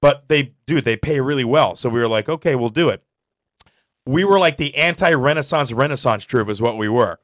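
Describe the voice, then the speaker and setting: A man's voice: mid-range voice, expressive, brisk, few pauses, fairly bright tone, dry recording, clean studio sound. A man hosting a casual radio-style show, rambling and laughing as he tells stories. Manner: rambling, restarts a lot, laughs often. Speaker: show host.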